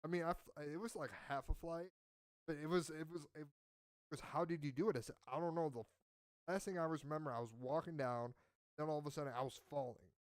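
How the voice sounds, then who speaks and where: A man's voice: fairly high pitch, a little fast, no echo. A man in casual chat who tells a rambling story and acts out what people said. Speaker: podcast host.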